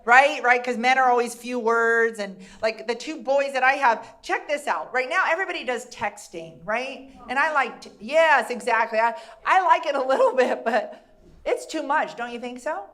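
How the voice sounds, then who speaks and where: A woman's voice: a little high, expressive, moderate pace, a bit bright. A woman doing a stand-up comedy routine, chatty and teasing the crowd with questions.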